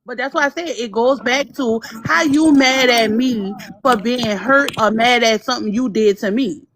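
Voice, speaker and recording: A woman's voice: fairly high pitch, moderate pace, a crowd in the background. A woman from New Orleans, a guest on a casual livestream, talking in an emphatic, opinionated way.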